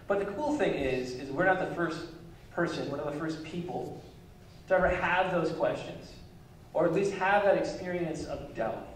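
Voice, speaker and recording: A pastor preaches a sermon in a church sanctuary, keeping it conversational and easygoing with light chuckles between points. His voice is on the high side and expressive, at a normal speed. A distant mic captures the echoey church hall.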